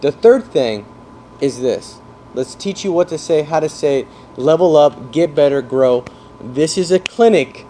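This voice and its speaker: A man coaching salespeople in an energetic talk, explaining through football comparisons and often checking that his listeners follow. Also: fairly high pitch, a little hiss or hum. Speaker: sales trainer.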